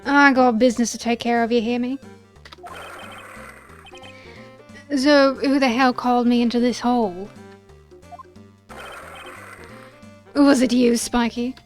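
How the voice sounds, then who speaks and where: A woman voicing a gruff, hot-headed male tough guy with a put-on Brooklyn drawl, loud and bullying. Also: a little high, steady tone, a little fast, faint music behind, lightly acted. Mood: menacing.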